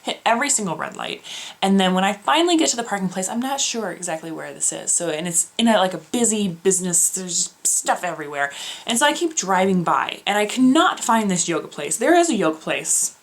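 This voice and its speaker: A young woman telling a story in a casual vlog, animated, with lots of fillers and restarts, acting out the voices of others. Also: medium pitch, fairly quick. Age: young adult. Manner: frequent filler words and self-corrections. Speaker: beauty vlogger.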